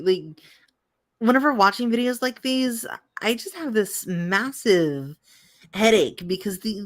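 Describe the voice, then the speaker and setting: A woman hosts a casual reaction commentary, drawing out her exasperated complaints. She speaks slowly and in a fairly low register. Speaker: host reacting to videos.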